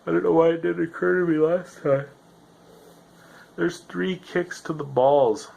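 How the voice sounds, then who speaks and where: A man's voice: fairly high pitch, fairly even intonation, a little slow, creaky, a little mellow, low-quality recording. A man hosting a solo podcast, rambling in a sardonic, self-deprecating way with lots of fillers, sounding tired. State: tired, yawning. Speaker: podcast host.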